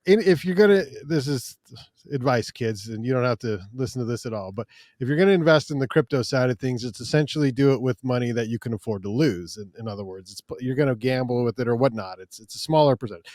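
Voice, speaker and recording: A man's voice: medium pitch, expressive, fast, darkish tone, dry recording, studio quality. A man co-hosting a casual finance podcast, with easygoing, joking asides. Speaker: podcast co-host.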